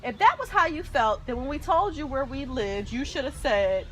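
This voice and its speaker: Animated woman telling a story. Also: high voice, moderate pace, slight background noise. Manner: animated, dramatic retelling with loud acted-out quotes. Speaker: vlogger. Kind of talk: storytelling vlog.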